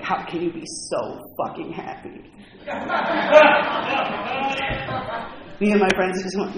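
In a meeting room, a man with a fairly high, creaky voice shares his recovery story with a group, speaking candidly and from the heart. The room sounds echoey and noisy on the recording.

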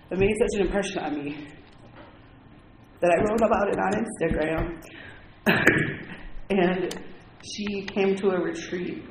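Guy sharing his story at a meeting, kinda high voice, honest and rambly, noisy echoey room. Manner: candid, heartfelt storytelling with frequent "like". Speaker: recovery meeting speaker. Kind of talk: personal testimony to a group.

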